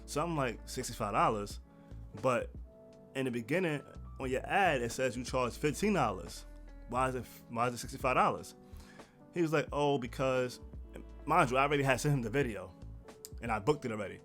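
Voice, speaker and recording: A man vlogging seated to camera, telling a story in a casual, animated way and acting out the people he quotes. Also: medium pitch, a little fast, pauses often, soft background music. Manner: animated, quotes others in raised voice. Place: indoors, seated at home. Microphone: camera mic, seated.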